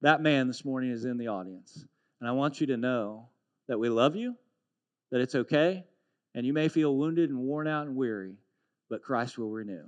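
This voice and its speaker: A man preaching a sermon as pastor, telling a story with animated, earnest delivery and building to a call to renewal. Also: mid-range voice, normal speed, highs cut off.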